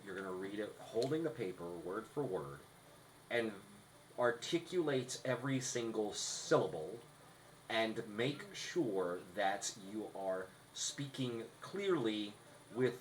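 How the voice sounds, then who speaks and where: A man's voice: lowish voice, slight background noise, low-quality recording. A man co-hosting a podcast, explaining rehearsal tips in a casual, instructive way. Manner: instructive, restarts often. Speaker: podcast co-host.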